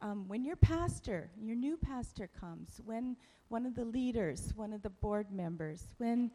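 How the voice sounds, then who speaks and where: A woman speaking to a congregation in a lively, animated way, with a slightly high voice. She is playful and cheerfully mocks herself as she talks. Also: a little slow. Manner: playful, self-mocking, animated. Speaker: church speaker. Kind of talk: lively sermon talk.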